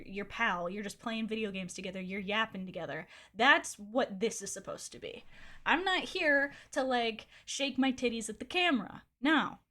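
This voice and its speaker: A woman streamer with a fairly high, fairly bright voice chats casually, candidly telling a gossipy story. She rambles with fillers, swears often and laughs a lot.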